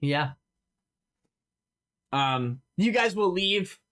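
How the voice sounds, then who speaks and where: A man's voice: sits high, lively intonation, extremely slow, fairly bright tone. A man narrating a tabletop role-playing game as game master, talking casually with many fillers.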